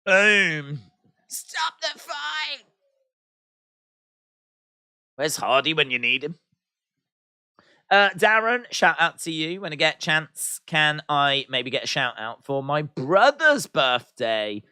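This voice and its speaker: Male livestream host with a higher, bright voice and dry, close sound; casual chat, reads viewer comments out, teasing. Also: very animated, a little slow, clear, resonant tone, no echo. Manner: playful teasing humor. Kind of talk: live watch-along chat.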